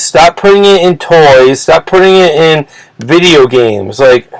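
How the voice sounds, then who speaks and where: A man's voice: on the high side, a little slow, no room sound, rough recording. A man hosting his own channel, ranting in an agitated, indignant way, swearing often and restarting his sentences again and again. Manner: profane, rambling, many restarts and repeated words. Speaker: channel host. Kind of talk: ranting commentary video.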